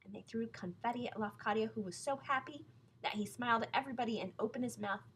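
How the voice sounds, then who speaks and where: Bright-voiced woman reading a storybook. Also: a little high, fast talker, slight background noise, rough recording. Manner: lively, playful storytelling. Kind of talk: reading a children's book aloud.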